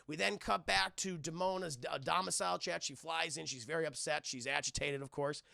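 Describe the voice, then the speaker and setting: A man's voice: on the high side, fairly even intonation, fairly quick, creaky, bright, forceful tone, dry recording, clean studio sound. A man streaming a casual, crude, joking recap of a cartoon episode, talking to his chat.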